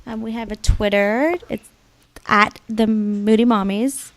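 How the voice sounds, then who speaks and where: A young woman co-hosting a podcast in casual chat, full of "like" and quick laughing asides. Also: medium pitch, little pitch movement, no echo. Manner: chatty, lots of "like" and laughing asides. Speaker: podcast co-host.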